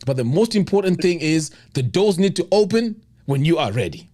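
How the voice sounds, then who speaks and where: A man's voice: on the high side, big pitch swings, normal speed, warm tone. A man hosting a live stream, chatting casually and agreeing often with his guest. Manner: chatty, frequent agreeing murmurs. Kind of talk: casual interview chat.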